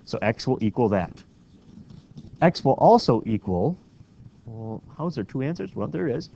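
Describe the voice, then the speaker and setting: A man with a mid-range voice teaches a math lesson in class, walking students through each step and often checking in with a quick "right?". The classroom recording is dull and lo-fi, with faint noise.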